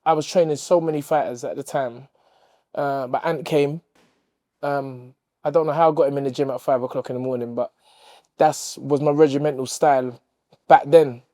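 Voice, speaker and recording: A man's voice: medium pitch, fairly even intonation, normal speed, warm tone, no echo, studio quality. A middle-aged man, a boxing coach talking earnestly about his fighter. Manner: earnest, reflective, with playful bickering. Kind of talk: interview and gym banter.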